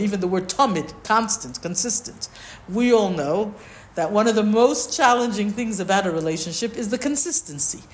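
A woman's voice: on the low side, slight background noise. A woman teaching a Torah class to a group, reading verses and translating them line by line in a conversational way. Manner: conversational, explains with questions.

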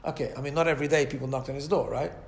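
A man's voice: medium pitch, fairly even intonation, very fast, echoey room. Man giving a chatty Torah class. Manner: conversational, keeps asking "right?", acts out quoted voices. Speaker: rabbi teaching a class. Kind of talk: Torah lecture.

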